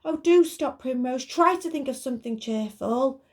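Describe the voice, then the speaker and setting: A woman's voice: high voice, normal speed, darkish tone, pitched above the performer's own voice, lightly acted. A woman voicing a kind, worried young girl who pleads and soothes. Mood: anxious.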